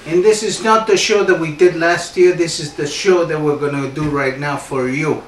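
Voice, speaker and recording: A man's voice: a little high, steady tone, normal speed, a little hiss or hum. A man hosting a comic show, rambling in a playful, mock-earnest way with a put-on Canadian accent. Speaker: comedy show host. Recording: roomy echo, distant mic.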